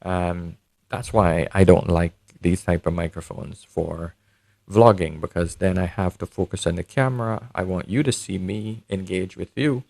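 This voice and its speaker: A man's voice: deep voice, gravelly, a little mellow, no echo. A man giving a casual review to camera, talking chattily to his viewers through a desk condenser mic at home. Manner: chatty, addresses viewers as guys. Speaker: tech reviewer. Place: home setup, not a studio. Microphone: studio condenser mic on desk.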